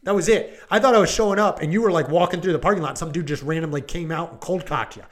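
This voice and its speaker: A man's voice: on the high side, fast. A male police deputy, probably in his thirties, casually retelling a call with lots of "like" and "I go" and acting out what people said. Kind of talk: casual storytelling in a podcast chat.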